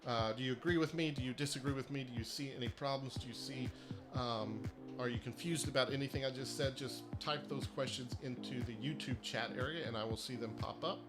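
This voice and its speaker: Loud music plays behind a man with a mid-range voice who speaks briskly. He's hosting a marketing workshop livestream, pushing his points emphatically and persuasively and restarting often.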